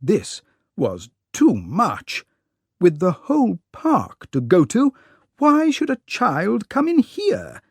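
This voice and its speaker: Narrator for learners, slow careful pace, lively pitch, lots of expression. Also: dry recording, clean studio sound. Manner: slow, clear and expressive reading. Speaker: audiobook narrator. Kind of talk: scripted narration for English learners.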